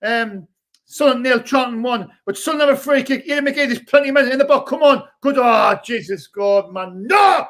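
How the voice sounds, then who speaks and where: Fan-channel host: young man, high-pitched, eager match commentary. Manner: shouts and rushes during attacks, chats between. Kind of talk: excitable live fan commentary.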